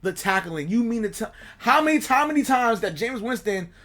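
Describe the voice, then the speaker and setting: A man with a fairly high voice, chatting as a football fan on a podcast. He talks animatedly and with exasperation, circling back over the same points again and again. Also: brisk. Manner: animated, exasperated, repeats himself. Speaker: sports podcast co-host. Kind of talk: casual fan chat.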